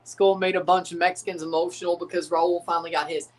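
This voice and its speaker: Man hyping a football watchalong. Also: fast. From United States. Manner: swings between excited hyped calls and low mumbled asides. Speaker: livestream watchalong host. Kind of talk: live football reaction commentary.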